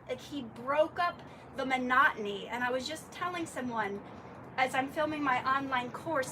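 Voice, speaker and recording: Woman sharing funny stories at a memorial, laughs a lot, kinda far from the mic with noise behind. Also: high voice. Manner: animated, laughing, acts out dialogue. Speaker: speaker at a memorial gathering. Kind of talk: storytelling tribute. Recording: distant mic with clear background noise.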